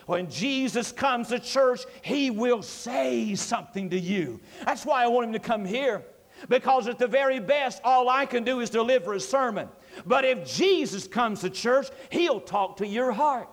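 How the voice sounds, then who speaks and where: High-voiced preaching man, echoing hall. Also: expressive, a little slow. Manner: emphatic, repetitive preaching with rising force. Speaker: pastor. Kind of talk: sermon. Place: church sanctuary. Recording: reverberant church hall.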